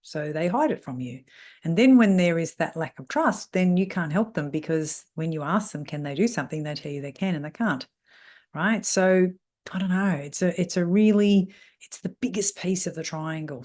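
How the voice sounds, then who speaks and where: A middle-aged woman, talking as a salon mentor in an animated way. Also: fairly low pitch, moderate pace. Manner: animated, mimics voices when quoting people. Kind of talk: talk on salon team issues.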